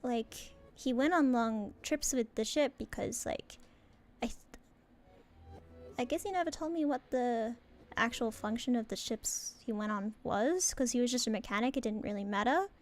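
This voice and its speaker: A woman with a fairly high voice playing a tabletop role-playing game, staying in character. She talks in a hesitant, rambling way, backing up and restarting as she thinks. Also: moderate pace. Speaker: player.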